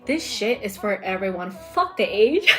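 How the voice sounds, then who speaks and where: A woman's voice: medium pitch, very animated, unhurried. A woman in her twenties reacting to music, emotional and swearing constantly. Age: 20s. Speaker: reaction youtuber. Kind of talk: casual reaction chat with singing along. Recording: music playing loudly behind.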